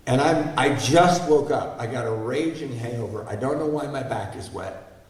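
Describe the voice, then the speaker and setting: A man's voice: medium pitch, moderate pace. Man in his 60s, guest speaker, frank and self-mocking, heard from a distance in a big reverberant hall. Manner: candid, self-deprecating, asks the audience questions. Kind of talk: personal recovery story told to an audience. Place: large hall before an audience. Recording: echoey hall, mic far off.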